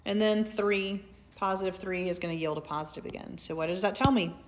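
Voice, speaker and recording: A woman teacher walks through a calculus lecture in a casual, conversational way, often checking in with her class and slipping in dry sarcasm. Her voice sits at an ordinary middle pitch. The classroom gives the sound a noticeable echo. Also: fairly quick. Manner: conversational, asks for agreement with "right?"; lightly sarcastic asides. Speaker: math teacher. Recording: echoey room.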